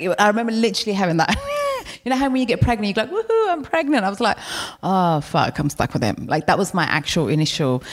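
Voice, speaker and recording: Frank, animated middle-aged woman guest. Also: sits low. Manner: frank, candid, swears freely, animated storytelling. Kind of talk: live stage conversation. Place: live venue with audience.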